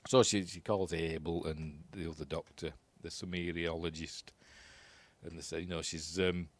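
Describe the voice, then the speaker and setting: A man's voice: deep voice, flat delivery, normal speed, no room sound. A man with a Yorkshire accent giving a casual, rambling commentary while watching a film, often unsure of himself and chuckling at his own asides. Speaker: film reviewer.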